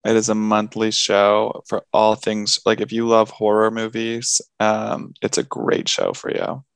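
A man's voice: fairly low pitch, animated, a little slow, vocal fry, clean tone, no echo. A young man co-hosting a podcast in casual chat, rambling and self-deprecating with lots of filler words. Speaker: podcast co-host.

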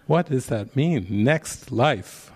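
A man's voice: mid-range voice, animated, slow pace, a little mellow, husky. A man speaking as a spiritual teacher at a retreat, telling stories, asking pointed questions and chuckling at his own points. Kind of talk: retreat talk.

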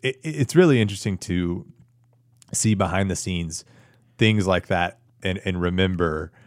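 A man chatting casually about soccer on a podcast, rambling with frequent restarts and animated asides. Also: sits low, normal speed, dry recording, clean studio sound. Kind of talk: casual sports chat.

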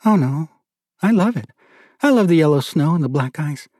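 Playful young wife, teasing and joking, voice pitched up high; a man doing her. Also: expressive, moderate pace, mellow, no room sound, studio quality.

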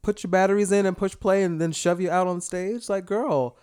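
Playful podcast guy, kinda high voice, quick jokey reactions. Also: steady tone, a little mellow, clear, resonant tone. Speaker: podcast co-host. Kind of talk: casual chat.

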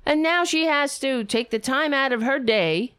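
A woman's voice: high voice, moderate pace, fairly bright tone, no room sound, clean studio sound. A woman commentator reacting to a clip with sarcasm, scorn and free swearing. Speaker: political commentator.

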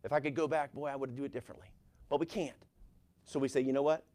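A middle-aged man preaching a sermon as a pastor, reading scripture aloud with rising force and an animated delivery. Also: mid-range voice, quick pace.

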